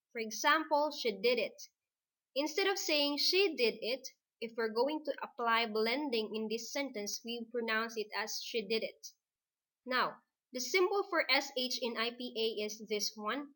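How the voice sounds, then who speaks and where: A woman teacher with a Filipino English accent, dictating a recorded lesson slowly and deliberately. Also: on the high side, fairly bright tone.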